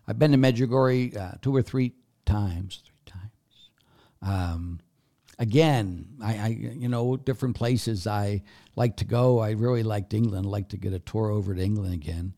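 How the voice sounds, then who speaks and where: A man's voice: fairly low pitch, a little slow, dark tone. A man, a priest answering viewer questions in a casual live Q&A, blunt and chatty with many fillers. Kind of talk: casual live Q&A, reading comments aloud.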